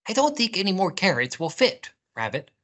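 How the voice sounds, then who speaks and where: A woman's voice: lowish voice, very animated, brisk, a bit bright, pitched above the performer's own voice. A woman voicing a fussy male squirrel in a picture-book reading.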